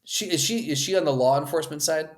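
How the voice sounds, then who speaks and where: A man's voice: on the high side, fast talker. A man co-hosting a podcast in casual chat, enthusiastic and thinking aloud as he guesses. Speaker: podcast co-host.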